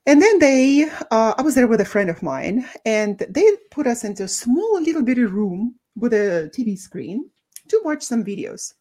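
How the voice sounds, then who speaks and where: A woman co-hosting a podcast, talking thoughtfully with many pauses and restarts. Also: on the high side, sing-song, dark tone. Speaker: co-host, doctor. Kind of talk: casual podcast talk.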